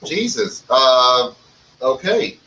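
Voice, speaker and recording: Co-host, male, bright high voice, brash and profane, distant mic with light hiss. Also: big pitch swings, very slow. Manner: loud, joking, swears a lot, jumps into shouts. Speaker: podcast co-host. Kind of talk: casual profane banter. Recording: distant mic with faint background noise.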